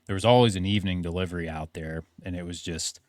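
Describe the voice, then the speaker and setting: A man co-hosting a podcast, telling animated anecdotes in casual chat and swearing casually. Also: sits low, quick pace, no echo. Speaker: podcast co-host.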